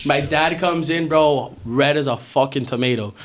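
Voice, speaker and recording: A young man hosting a podcast, telling a story in a casual, animated way, with lots of swearing and laughter. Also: a little high, normal speed. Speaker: podcast host. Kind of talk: casual storytelling among friends. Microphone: podcast studio mic.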